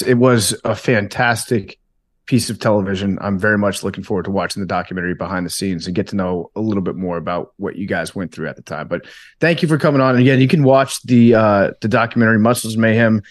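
A man hosting a podcast, joking and laughing casually with a guest. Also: lowish voice. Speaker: podcast host. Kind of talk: casual chat.

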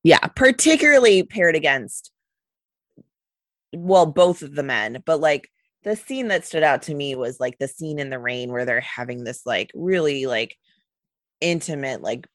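A mid-pitched podcast co-host in casual conversation. They agree readily and add quick replies. The recording is dry and close. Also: animated, fairly bright tone, dry recording. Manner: agreeable, frequent backchannel replies. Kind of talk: casual chat.

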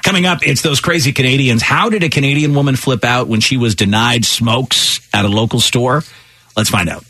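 A man's voice: medium pitch, fairly quick, sharp tone, husky. A man hosting a morning radio show, reading odd news stories with loose, teasing humor and frequent laughs.

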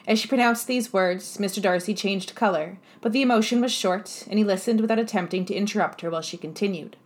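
A woman narrating a period novel in a measured, expressive reading voice. Her pitch is middling for a woman, neither high nor low. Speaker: audiobook narrator. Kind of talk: scripted narration.

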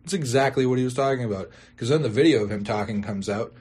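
A young man hosting a sports podcast, ranting and swearing, his voice jumping high when outraged. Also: fast talker, a little mellow, husky. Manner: exasperated, swearing, bursts into high-pitched outrage. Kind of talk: profane ranting podcast intro.

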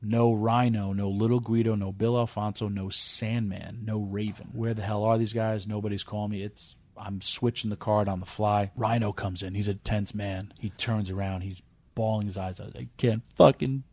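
A man's voice: on the low side, little pitch movement, normal speed, a little mellow. A man who runs wrestling shows tells a wild backstage story in an interview, acting out the voices of the people in it. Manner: acts out the people in his story with a raised voice. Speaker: wrestling promoter.

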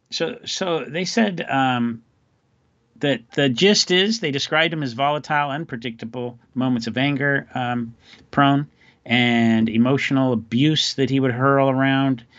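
A man's voice: mid-range voice, a little slow, fairly bright tone, dry recording. Guy hosting a podcast, wry and rambling, dry dull lo-fi sound. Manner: loose, rambling, wry storytelling. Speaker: podcast host. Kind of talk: casual chat.

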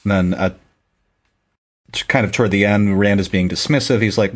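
A man's voice: on the low side, moderate pace, pauses often. A man casually recapping book chapters on a podcast, rambling and correcting himself as he goes. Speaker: podcast co-host.

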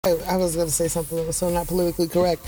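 A woman's voice: fairly low pitch, little pitch movement, very fast, mellow, soft background music. A woman, chatting brashly on a podcast, swearing freely and acting out voices. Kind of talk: casual profane chat.

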